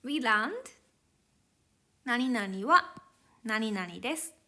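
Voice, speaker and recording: Slow, bright-voiced woman teaching Japanese. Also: fairly high pitch, animated. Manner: careful, step-by-step, non-native English phrasing. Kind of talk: explaining grammar slowly to learners.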